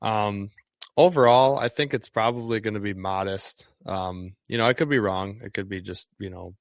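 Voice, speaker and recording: A man from Northeast Wisconsin with a lowish voice, chatting loosely about his guiding work, full of ums and false starts. The sound is dry and close, with no room around it. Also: normal speed, no echo. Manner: relaxed, rambling, lots of ums and restarts. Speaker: fishing guide. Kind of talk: casual interview chat.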